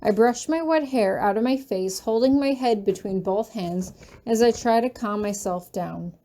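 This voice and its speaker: A woman reads a fanfiction chapter aloud as a first-person audiobook. Her voice is fairly high but mellow and warm-toned, never bright. She delivers the narration earnestly, leaning into its emotional moments. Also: moderate pace. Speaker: fanfiction reader.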